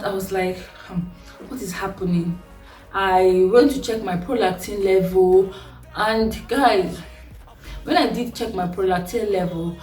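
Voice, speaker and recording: An animated young Nigerian woman recounts a personal story in vlog style, laughing often and leaping up in pitch. Her voice sits a little back from the mic in an echoey room. Faint music plays underneath. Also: recorded from a distance. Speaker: vlogger.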